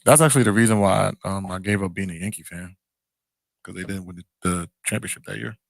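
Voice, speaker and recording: A man's voice: sits low, fast, gravelly, no echo. A man co-hosting a podcast in laid-back casual chat, reading facts aloud and telling stories. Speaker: podcast co-host.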